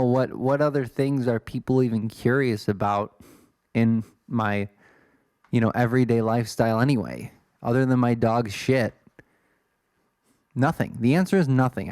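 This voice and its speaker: A man's voice: mid-range voice, a little mellow, clear, resonant tone, dry recording, clean studio sound. A man in his twenties from Illinois, hosting a solo podcast in a rambling, self-deprecating way. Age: 20s. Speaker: podcast host.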